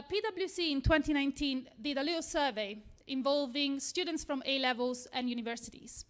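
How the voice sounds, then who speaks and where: On stage before a live audience in an event room, an Italian woman gives what sounds like a lightning talk in a fairly high, slightly bright voice. She comes across as earnest and a little nervous, with a self-deprecating streak.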